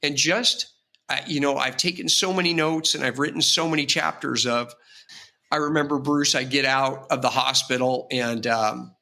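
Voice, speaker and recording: Gravelly, forceful man telling stories. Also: medium pitch, steady tone, normal speed. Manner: rambling, vivid anecdotes with frequent restarts. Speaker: real estate agent, podcast guest. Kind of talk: casual storytelling interview.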